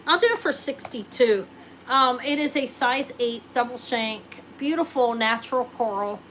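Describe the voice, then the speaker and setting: A woman's voice: on the high side, normal speed, fairly bright tone, slight background noise, low-quality recording. Chatty woman selling jewelry live. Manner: chatty, joking, thinks aloud while showing rings. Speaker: jewelry seller hosting a live sale. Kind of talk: casual live sale chat.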